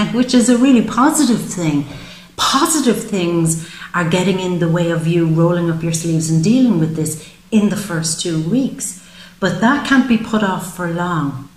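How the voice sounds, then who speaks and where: A woman's voice: on the low side, animated, normal speed, darkish tone, roomy sound, rough recording. A woman giving a psychic tarot reading, speaking with emotion and voicing the feelings she senses in the listener. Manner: emotive, voices the querent's feelings. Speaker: tarot reader.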